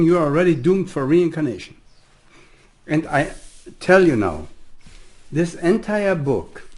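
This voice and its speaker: A man with a German accent holds forth as a spiritual teacher in a rambling monologue, chuckling often and jumping between quiet asides and loud proclamations. His voice sits fairly high and swoops all over. He takes his time, with slow, drawn-out delivery. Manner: animated, laughs often, swings from soft asides to loud declarations.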